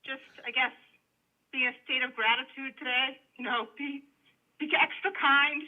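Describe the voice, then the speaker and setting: A woman's voice: high voice, steady tone, moderate pace. A woman talking in a live audio room, chatty and emotional. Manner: warm-hearted, chatty, emotional. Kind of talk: casual live talk. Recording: dull lo-fi call audio.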